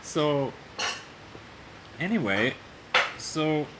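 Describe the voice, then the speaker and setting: A man's voice: expressive, very noisy. A man rambling casually about his job, full of "you know" and chuckles, talking at home. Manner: meandering, constant "you know", chuckling, deliberately low-key. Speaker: video blogger.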